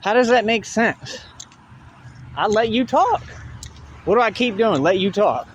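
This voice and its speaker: A man delivers a combative, profane rant that circles back on itself, in a fairly high voice. Faint street and car noise sits behind him. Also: expressive, measured pace. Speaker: online show host. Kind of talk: ranting monologue.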